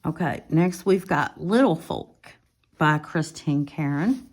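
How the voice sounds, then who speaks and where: Slow, low-voiced woman vlogger. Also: animated. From Alabama. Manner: chatty, listing supplies, talking to viewers. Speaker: coloring vlogger. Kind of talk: casual show-and-tell narration.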